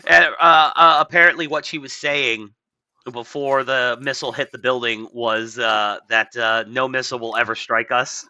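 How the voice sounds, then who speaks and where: A man's voice: medium pitch, steady tone, moderate pace, sharp tone, smooth, no echo. A man hosting a podcast, rambling in casual political chat, swearing and putting on mocking voices. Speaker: podcast host.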